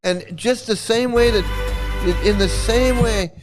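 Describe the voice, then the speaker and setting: With music playing in the background, a commentary channel host gives furious reactions, swearing constantly and repeating himself. His voice is very high and his delivery a little slow.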